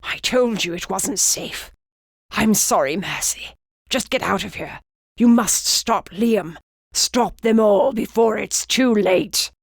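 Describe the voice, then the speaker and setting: A woman voicing a male griffin informant who speaks in low, grim, urgent warnings. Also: slow pace, vocal fry, slightly rough, no room sound, clean studio sound, full character voice.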